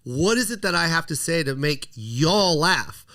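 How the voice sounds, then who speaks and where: A man's voice: a little high, animated, a little slow, bright, forceful tone. A male comedian being interviewed, talking in a heated, emphatic way, repeating himself and swearing as he makes his point. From United States. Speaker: comedian guest.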